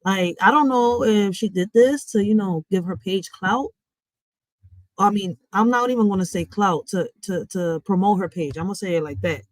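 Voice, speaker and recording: A woman talks bluntly to her viewers while reacting to a news clip. Her voice sits mid-range and the room sounds dry and close. She keeps a chatty, animated tone. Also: medium pitch, moderate pace, dry recording, low-quality recording. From Philadelphia, USA. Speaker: host of a reaction channel. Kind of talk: casual reaction commentary.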